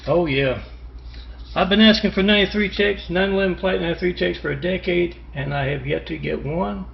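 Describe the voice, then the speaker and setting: Man from Louisiana, gravelly, slightly high voice, rambling parable monologue, dull lo-fi home recording. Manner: halting, with restarts and repeated self-introductions. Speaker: self-styled parable teller. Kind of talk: rambling monologue with imagined callers.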